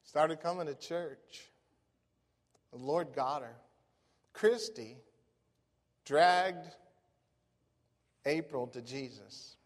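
A man, a pastor preaching a sermon in a folksy, animated storytelling way. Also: on the high side, very slow, pauses often. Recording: long reverb of a large hall.

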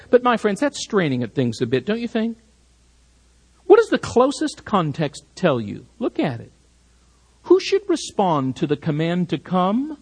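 A man's voice: high voice, sing-song, normal speed, a little mellow, slightly rough. A male pastor preaching an expository sermon, emphatic and rising sharply on repeated commands.

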